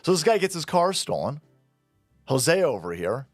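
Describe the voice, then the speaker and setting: A man's voice: on the high side, sing-song, moderate pace, dry recording, faint music behind. Indignant ranting male commentator. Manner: sarcastic, indignant, swearing. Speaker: political commentator.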